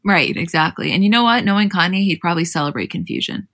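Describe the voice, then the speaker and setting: A woman from New Jersey co-hosting a pop culture podcast, chatting casually with animated asides. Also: lowish voice, quick pace. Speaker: podcast co-host. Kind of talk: casual chat.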